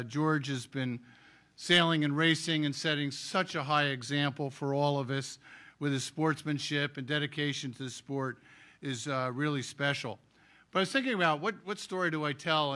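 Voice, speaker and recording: A man hosts an awards ceremony in a bright, forceful voice pitched a little high. He introduces honorees with lively, joking anecdotes that keep the room moving. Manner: lively anecdotal storytelling with jokes. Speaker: ceremony emcee.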